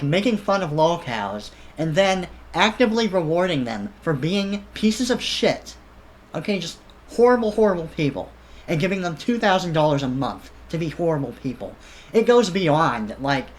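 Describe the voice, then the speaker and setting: A commentator tears into the subject in a heated, profane reaction rant. The delivery is sarcastic, with a pitch that swings widely around a middle register. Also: slight background noise. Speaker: online commentator.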